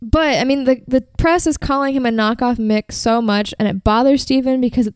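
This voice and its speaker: Brief: podcast host, woman, clear and smooth, dry mic, profane and chatty. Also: on the high side, moderate pace, no room sound. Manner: chatty, profane, uses fillers like "like" and "um". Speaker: podcast host telling a band history. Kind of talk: casual storytelling chat.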